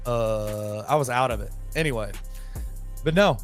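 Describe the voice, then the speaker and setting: A hoarse man co-hosting a casual sports podcast, rambling with many restarts. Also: mid-range voice, measured pace, soft background music. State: hoarse from illness. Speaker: podcast co-host.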